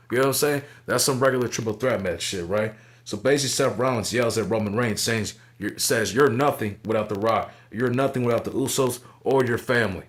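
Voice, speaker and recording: Profane, rambling man recapping a match. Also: mid-range voice. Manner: profane, rambling, fillers like "right?". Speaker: wrestling reviewer. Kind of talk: casual recap and commentary.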